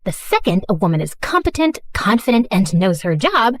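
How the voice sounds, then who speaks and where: A woman voicing a curt, no-nonsense young woman on a mission in an animated story. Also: mid-range voice, normal speed, no room sound, studio quality. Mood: scolding. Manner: curt, snappy. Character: tough young woman bodyguard, prickly, no-nonsense.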